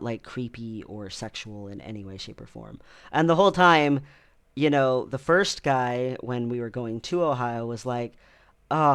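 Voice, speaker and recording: A man talking casually in a personal vlog, with a voice of ordinary middle pitch. He rambles loosely, stops often for ums, and breaks into laughter easily. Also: fairly bright tone. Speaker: vlogger.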